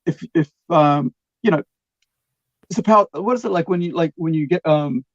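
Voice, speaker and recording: A man's voice: a little high, normal speed, dry recording, muffled recording. A man hosting a podcast in casual chat, rambling with many restarts and fillers. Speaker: podcast host.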